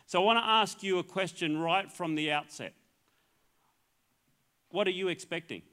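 A middle-aged pastor from Queensland, Australia preaches earnestly, his voice sitting high, pushed and bright with a clean tone at normal speed. He often repeats words and restarts phrases.

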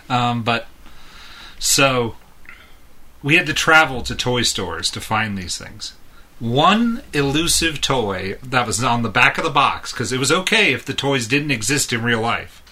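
A man's voice: mid-range voice, sing-song, slow, pauses often, sharp tone. A man in his thirties, a podcast co-host, telling a long rambling story in casual chat and chuckling often.

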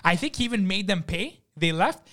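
A young man telling profane, animated stories in casual talk and acting out the people in them. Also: high-pitched, a little fast. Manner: animated, profane, acts out quotes. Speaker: podcast guest. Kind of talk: casual storytelling. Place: studio.

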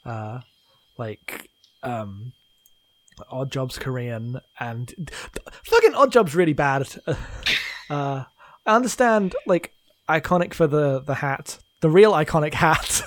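Higher-voiced man in casual film chat. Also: very animated, takes it slowly, dry recording. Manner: loose, swears freely, laughs often. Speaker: podcast co-host.

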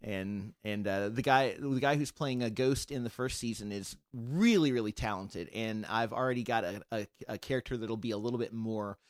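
A man's voice: fairly low pitch, normal speed, hardly any pauses, no room sound, clean studio sound. A man who writes and produces an audio drama, chatting casually on a podcast and rambling through his plans with frequent restarts. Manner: rambling, restarts often, animated when excited.

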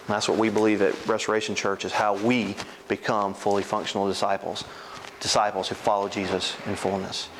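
A man's voice: lowish voice, level tone, fairly quick, background noise. A man preaching a sermon as a pastor, earnest and emphatic.

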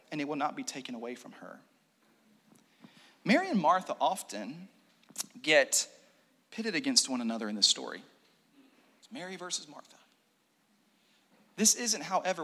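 Animated high-voiced male preacher. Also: husky. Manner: animated with joking asides, soft and hushed in prayer. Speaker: pastor. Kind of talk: sermon. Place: church meeting room. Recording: long reverb of a hall.

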